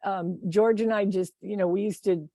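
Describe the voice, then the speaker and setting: A woman's voice: mid-range voice, fairly even intonation, normal speed, dark tone, no room sound, studio quality. A woman speaking as a guest on a podcast, rambling and correcting herself often, with frequent laughter. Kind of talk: casual conversational interview.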